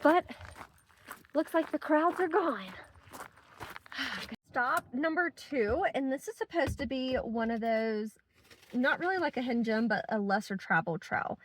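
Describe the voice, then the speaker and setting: A woman's voice: sits high, measured pace, slight background noise. A young woman narrating her hiking vlog outdoors on a mountain trail, chatting upbeat to viewers and her dog. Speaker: vlogger.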